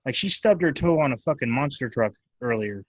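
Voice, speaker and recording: A podcast host, a man, tells family stories in loose, profanity-filled chat. His voice sits at an ordinary pitch. It sounds dry and close, with no room echo. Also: a little fast. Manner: profane, animated storytelling. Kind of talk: casual chat.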